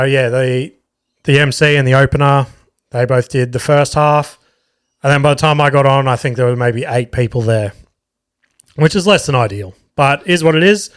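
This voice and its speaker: An Australian man hosting a podcast, telling a rambling, profane story about touring as a stand-up comedian. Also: medium pitch. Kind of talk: casual storytelling monologue.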